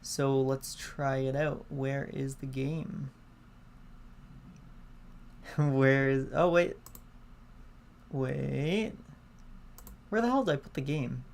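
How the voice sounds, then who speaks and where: A man hosting a live gameplay stream, chatty and excitable as he greets viewers. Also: mid-range voice, very slow, creaky, long pauses. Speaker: gaming streamer. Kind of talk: live let's-play commentary. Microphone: laptop setup. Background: faint game music.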